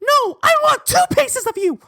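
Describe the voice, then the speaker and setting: A man voicing a scrawny, cocky schoolboy in a squeaky, high put-on voice. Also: very animated, moderate pace, gravelly, pushed and bright, dry recording, studio quality, full character voice. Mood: defiant.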